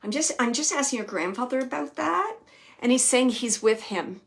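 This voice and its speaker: Soft-spoken woman medium, searching and hesitant. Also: on the high side, lively intonation, moderate pace, creaky. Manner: hesitant, searching, many fillers and restarts; drops to soft, near-whispered asides. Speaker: psychic medium host. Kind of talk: live mediumship reading, relaying spirit messages.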